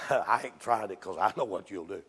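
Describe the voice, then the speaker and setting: A man preaching a sermon in a church, telling folksy stories that rise into excited shouts. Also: sits low, moderate pace, slightly rough. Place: church sanctuary. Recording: long reverb from a church hall.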